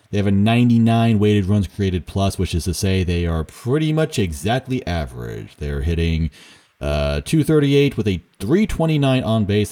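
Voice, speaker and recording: Low, mellow-voiced young man rambling. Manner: rambling and self-mocking, with fillers and chuckles. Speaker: baseball commentator. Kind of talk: casual solo commentary.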